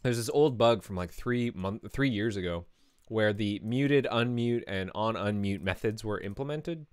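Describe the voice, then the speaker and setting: Guy on a coding stream talking through code, kinda low voice, lots of ums and fixing his words as he goes. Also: measured pace, clear, resonant tone. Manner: casual, explains step by step with fillers and self-corrections. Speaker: programmer streaming his work. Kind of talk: live coding stream, thinking aloud. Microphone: studio mic with pop filter.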